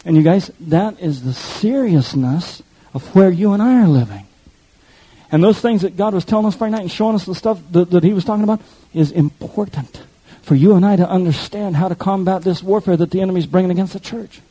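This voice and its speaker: A man's voice: sits high, brisk, mellow, breathy edge, poor audio. A male pastor preaching an impassioned sermon, speaking directly to his congregation.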